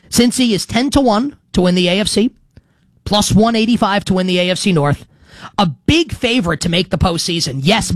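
A man's voice: high-pitched, fairly bright tone, dry recording. Chatty, rambling male sports show host. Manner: chatty and rambling, with frequent restarts and "like". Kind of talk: casual talk-show monologue.

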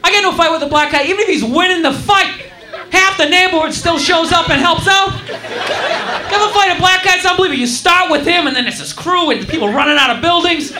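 A man with a very high voice doing live stand-up in a comedy club, telling his story in an animated way and acting out characters. The room sounds roomy and echoey, with a clearly audible crowd and background noise. He talks into a stage mic. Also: quick pace.

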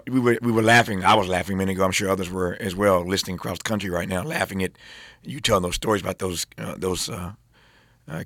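Low-voiced man hosting an interview. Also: a bit bright, no echo, clean studio sound. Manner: thoughtful, hesitant with many fillers. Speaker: radio interview host. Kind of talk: interview questions.

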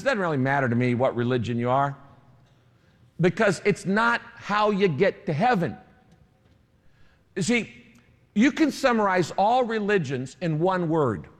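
A man preaching a sermon, emphatic, with dramatic pauses. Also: high voice, long reverb tail. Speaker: pastor.

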